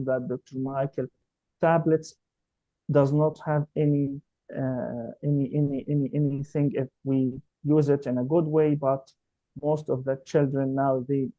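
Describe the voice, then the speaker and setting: A man's voice: mid-range voice, warm tone, dry recording, muffled recording. A man explaining earnestly on a webinar panel, often repeating words as he searches for them. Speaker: panelist, autism specialist.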